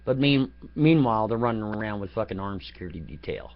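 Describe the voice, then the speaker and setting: A man's voice: fairly low pitch, animated, quick pace. Profane rambling man in lo-fi recording. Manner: profane, rambling, laughs at own jokes. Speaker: vlogger. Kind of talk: profane rambling storytelling rant. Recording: dull lo-fi home recording.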